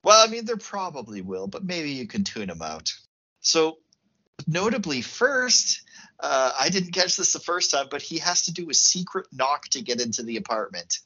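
Man, podcast co-host, casual film chat, animated retelling, bright tone, slightly muffled audio. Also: fairly high pitch, normal speed, slightly rough. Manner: animated plot retelling with fillers and acted-out quotes.

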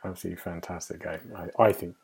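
A man with a low, husky voice chats casually on a games podcast. He muses out loud in a wry tone and lets his thoughts trail off. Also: fairly even intonation, fast talker. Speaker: podcast host and game reviewer.

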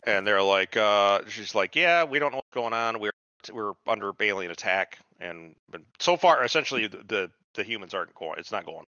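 A man's voice: lowish voice, animated, normal speed, sharp tone, no room sound, highs cut off. A man co-hosting a podcast, casually retelling a TV show with heavy swearing and quoted voices. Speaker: podcast co-host. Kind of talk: casual chat recapping a TV show.

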